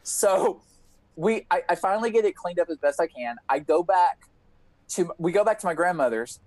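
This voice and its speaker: A man's voice: high voice, a little fast, low-quality recording. A man telling a wild story on a casual podcast, swearing freely and acting out everyone's lines. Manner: animated, profane, acts out quotes. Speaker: podcast co-host.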